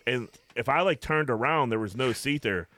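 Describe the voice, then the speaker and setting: A man's voice: medium pitch, normal speed, pushed and bright. Rambling, profane man in casual chat. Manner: rambling, heavy on fillers and swearing. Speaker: podcast co-host.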